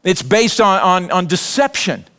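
A middle-aged man preaching a sermon in a conversational, animated way, joking and acting out little scenes. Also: high voice, unhurried. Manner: animated, conversational preaching with laughs and acted quotes. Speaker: pastor.

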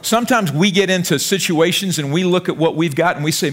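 An American man preaching from the pulpit in a high voice. He is energetic and jokey, and he often repeats himself and trips over his words as he goes. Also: fairly quick, hardly any pauses. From United States. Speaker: pastor. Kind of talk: sermon.

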